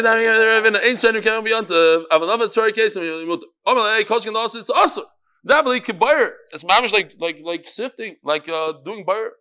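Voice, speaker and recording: A high, bright-voiced man leads a daily Talmud class. He reads the text out at speed and breaks off into playful, joking asides to his listeners. His delivery stays animated and conversational throughout. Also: clean tone. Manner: lively, joking asides mixed with fast Talmud reading. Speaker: Talmud teacher.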